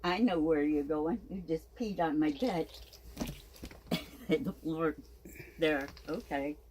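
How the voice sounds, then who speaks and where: A woman in a casual pet vlog, talking at an unhurried pace. She coos at her pet in baby talk, and her voice sounds a little stuffy. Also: low voice, noisy background. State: stuffy from sinuses. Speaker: snake keeper.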